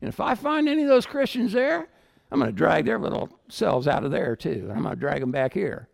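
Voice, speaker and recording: A man's voice: a little high, very animated, fairly quick, creaky, full character voice. A man voicing a zealous young male persecutor, goading and pushy in a raised voice. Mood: scheming.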